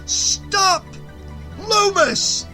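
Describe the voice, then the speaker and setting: A gruff sheriff barking orders, voiced by a male narrator, loud and scornful. His bright, raised voice cuts through faint background music in a horror audiobook. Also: high voice, lively intonation, a little slow, pitched above the performer's own voice, full character voice. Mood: shouting. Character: gruff small-town male sheriff, skeptical and short-tempered.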